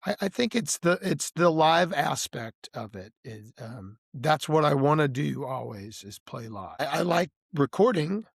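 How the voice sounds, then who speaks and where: A man's voice: a little high, big pitch swings, a little slow, creaky, hardly any pauses, breathy edge, no room sound, clean studio sound. A man being interviewed as a blues musician, chatting casually and telling stories with restarts and "you know"s.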